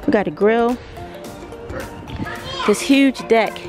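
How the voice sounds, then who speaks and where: A female vlogger with a slightly high voice takes her time giving a casual tour of a big vacation house, chatting and laughing often as she thinks aloud. She later goes out on a deck while background music plays under her voice.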